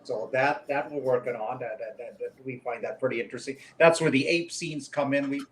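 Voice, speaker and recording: A man in casual chat about his fan film projects, talking in a rambling, animated way. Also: medium pitch, a little fast, slight background noise. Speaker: fan filmmaker guest.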